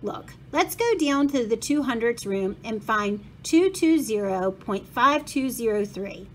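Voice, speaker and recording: A woman's voice: a little high, expressive, measured pace, a little hiss or hum. A woman reading the part of a methodical schoolboy who explains things step by step in a storybook read-aloud. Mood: focused.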